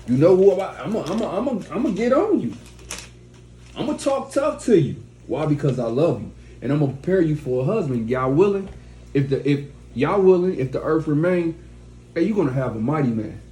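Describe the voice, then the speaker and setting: A man's voice: on the high side, sing-song, brisk, mellow. Blunt, profane man preaching. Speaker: teacher of a study group. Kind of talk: preaching to a class. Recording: echoey room, faint background noise.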